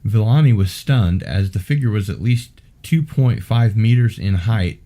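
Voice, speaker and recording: Male podcast host, fairly low and warm, steady reader with dry asides. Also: a little slow. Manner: dry, wry asides between steady reading. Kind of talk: podcast interview, reading case reports aloud.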